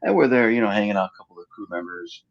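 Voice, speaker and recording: A husky, gravelly man with a fairly low voice spins stories as an interview guest. He jumps into the voices of the people in his tales. The sound is a little muffled and lo-fi. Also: quick pace. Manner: animated storyteller acting out quoted dialogue. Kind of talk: casual storytelling interview.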